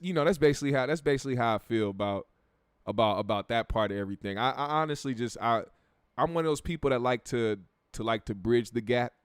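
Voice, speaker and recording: A man's voice: mid-range voice, no echo. Laid-back, profane American man. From United States. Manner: laid-back, profane, repeats words while thinking. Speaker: show host reading viewer comments. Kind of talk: casual livestream chat.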